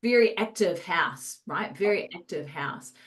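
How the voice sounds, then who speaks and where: A woman's voice: fairly low pitch, expressive, a little slow. Woman, casual storytelling, hesitant fillers, distant mic. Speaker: paranormal investigator. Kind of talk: casual chat.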